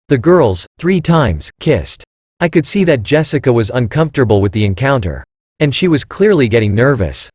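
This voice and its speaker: A man narrating a scripted first-person story in an even, unhurried reading manner. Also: medium pitch, breathy edge, no room sound, clean studio sound.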